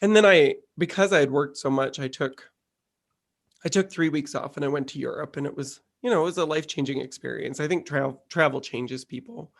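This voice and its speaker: A man co-hosting a podcast, chatting in a sassy, quick-witted way. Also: on the high side, creaky. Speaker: podcast co-host. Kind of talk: casual chat.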